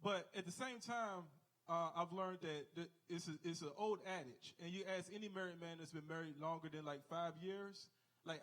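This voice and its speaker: A man's voice: a little high, moderate pace, a bit bright, rough recording. A man in his thirties doing a live stand-up set on a club stage, chatty and rambling, checking in with the crowd. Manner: conversational, rambling asides, crowd questions. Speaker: stand-up comic.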